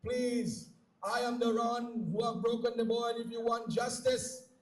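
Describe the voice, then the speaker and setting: A man voicing a gentle, humble young prince who speaks softly and pleads. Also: very high voice, level tone, unhurried. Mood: pleading. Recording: echoey PA sound from far off.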